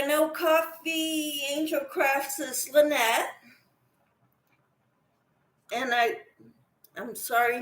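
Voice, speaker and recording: A Kansas woman hosts a casual crochet livestream from her home kitchen, chatting with viewers by name while she cooks. Her voice sits high, and the room sounds echoey.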